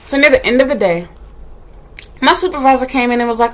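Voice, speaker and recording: Woman, kindergarten teacher, casual venting vlog, very quick talker, blunt, profane, sassy. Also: fairly high pitch. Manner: acts out quoted dialogue. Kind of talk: casual venting chat to camera.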